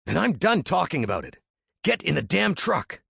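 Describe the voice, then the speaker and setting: A man's voice: a little high, wildly swooping pitch, moderate pace, vocal fry, a bit bright, breathy edge, dry recording, pitched above the performer's own voice, heavily acted. A wary, level-headed young man, as a male narrator plays him, firm and clipped. His voice sits somewhat above the narrator's own. It is recorded dry and close. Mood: stern.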